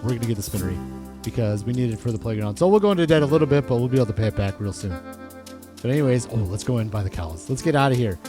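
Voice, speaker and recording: A man hosting a casual let's-play, chatting and thinking aloud with lots of fillers and excited outbursts. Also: mid-range voice, rapid-fire, music in the background. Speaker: gaming channel host.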